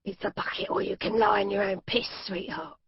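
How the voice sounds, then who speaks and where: A woman voicing a menacing male captor in a hoarse, croaking whisper, as whispered role-play in an audiobook. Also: mid-range voice, fairly even intonation, brisk, dull audio, background noise, natural voice.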